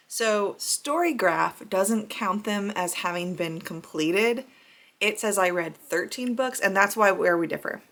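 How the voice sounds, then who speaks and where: A woman's voice: medium pitch, fairly bright tone. A young adult woman talking bluntly, with some swearing, in a casual book vlog. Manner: blunt and profane. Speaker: book vlogger.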